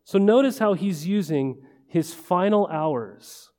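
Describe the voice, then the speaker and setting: A male pastor preaching in a relaxed, talky way, pitched a little high for a man but with a warm, mellow tone. He keeps checking in with the room through rhetorical questions. The sound hangs in the long reverb of a large church hall. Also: takes it slowly. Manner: conversational, full of rhetorical questions and "right?". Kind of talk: sermon.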